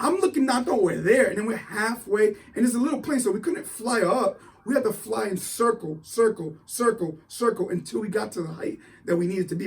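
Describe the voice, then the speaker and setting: A man giving a motivational talk, telling a story in an animated, excitable way with frequent restarts. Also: high-pitched, distant mic. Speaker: motivational speaker.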